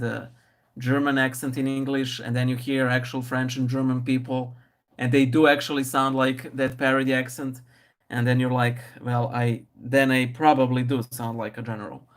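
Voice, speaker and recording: A man's voice: mid-range voice, a bit bright. A man hosting a casual live stream, thinking aloud with many fillers and restarts, speaking English with a noticeable non-native accent. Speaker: live-stream host painting and answering viewer questions.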